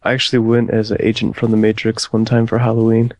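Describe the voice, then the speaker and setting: A man's voice: lowish voice, completely flat delivery, fast talker, darkish tone, no echo. Laid-back male podcast guest. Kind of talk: casual podcast chat.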